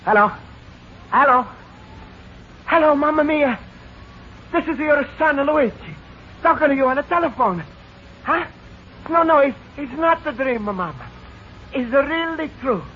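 An actor playing a sentimental Italian immigrant man in broken English with an Italian accent, in 1940s radio sitcom acting. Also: very high-pitched. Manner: broken English, laughing and emotional. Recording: dull 1940s radio broadcast, faint audience and hiss.

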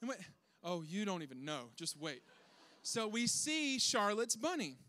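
Animated high-voiced man telling a funny story. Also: unhurried. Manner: animated, self-deprecating, acts out his kids' voices. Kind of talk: comedic storytelling to an audience.

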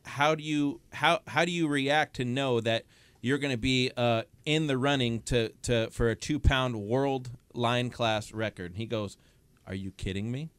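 A man co-hosting a fishing radio show, telling a catch story with lively acted-out dialogue from a studio. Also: medium pitch, unhurried, smooth, no echo. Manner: animated storyteller, acts out phone dialogue. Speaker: fishing report co-host. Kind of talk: casual radio talk.

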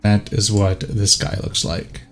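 A man running a tabletop game as game master, narrating haltingly with many pauses and fillers. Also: lowish voice, little pitch movement, fairly bright tone, faint music behind.

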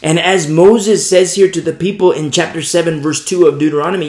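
A man's voice: on the high side, fairly even intonation, brisk, hardly any pauses, darkish tone. Emphatic preacher man, echoey room. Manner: emphatic, repeats "you see?". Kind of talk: sermon.

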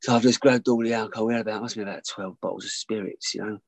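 Fast, gravelly man telling his story. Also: fairly low pitch, fairly even intonation, no room sound, rough recording. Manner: rambling, swearing, repeats himself. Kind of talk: candid personal storytelling.

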